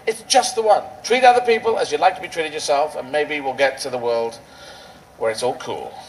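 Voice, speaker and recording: A man performing a stand-up routine on an outdoor rally stage, with a rambling, surreal, playful delivery full of quick asides. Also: fairly high pitch, rough recording. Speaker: stand-up comedian.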